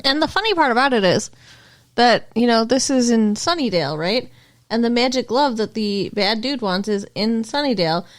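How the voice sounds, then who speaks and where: Blunt, teasing woman with a lively high voice. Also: normal speed. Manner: blunt, teasing, laughs often. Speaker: podcast co-host. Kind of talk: casual chat.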